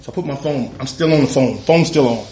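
A man doing stand-up, telling a story with lively delivery, laughing as he goes and acting out the other people in it. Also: medium pitch, quick pace, reverberant. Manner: animated, laughs through his own story, acts out other voices. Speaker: comedian.

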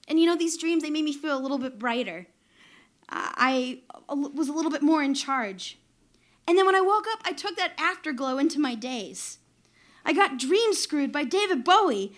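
A woman in her thirties tells a personal story from her own life, her voice sitting high in pitch. She talks in a wry, self-deprecating way. Laughter keeps slipping in between her lines. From New York.

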